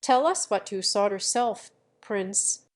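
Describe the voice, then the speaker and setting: A brusque, impulsive noblewoman and mother, read by a woman who scolds and commands abruptly. The audiobook delivery is slow and measured. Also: mid-range voice, lively intonation.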